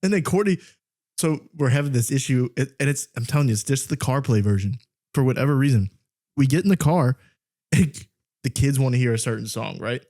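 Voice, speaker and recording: A young man co-hosting a casual podcast, telling stories in a lively, animated way. His mid-pitched voice swings widely as he talks, and he laughs a lot. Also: brisk. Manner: animated storytelling, laughing often, mimicking a voice assistant. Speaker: podcast co-host. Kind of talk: casual chat.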